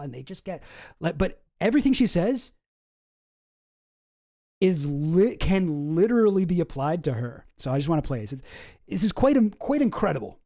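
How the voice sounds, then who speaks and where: Male commentary host; casual, rambling, sarcastic delivery in a high, gravelly voice. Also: big pitch swings, normal speed, pauses often, dark tone.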